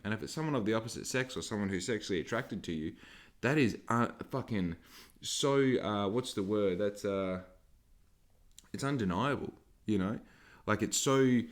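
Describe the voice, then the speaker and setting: An Australian man hosting a solo podcast from home, rambling and emphatic with a lot of swearing. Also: lowish voice. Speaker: podcast host.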